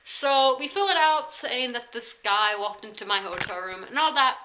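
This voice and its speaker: A young woman from South Carolina tells a story to a camera on a tripod, rambling along with plenty of "like" fillers. Her voice is bright and sits a little high for a woman, with a casual, chatty vlog delivery. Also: expressive, normal speed, a little hiss or hum, rough recording. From South Carolina, USA. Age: 20s. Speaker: vlogger.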